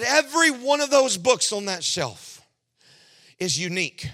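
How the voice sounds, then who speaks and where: Impassioned young male preacher, bright voice. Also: extremely high pitch, big pitch swings, unhurried. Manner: impassioned storytelling, swinging from loud cries to hushed tones. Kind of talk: sermon. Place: church.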